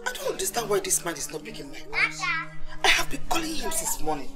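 A woman's voice: medium pitch, wildly swooping pitch, fast. An actress playing a stern, scolding mother, with a Nigerian accent, in a film scene with a music score. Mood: worried. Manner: scolding, exclamatory.

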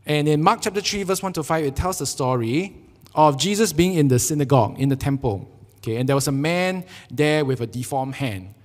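A young adult man with a Singaporean English accent, preaching a sermon as a pastor, telling stories with lively energy and often checking in with "right?". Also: on the high side, brisk. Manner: animated storytelling with frequent "right?" tags. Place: church sanctuary. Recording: long church hall reverb.

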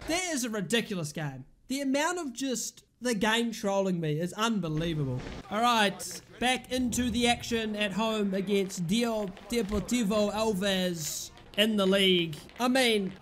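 A young man giving excitable live commentary over a football video game, often shouting at his players in frustration. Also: sits high. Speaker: gaming commentator.

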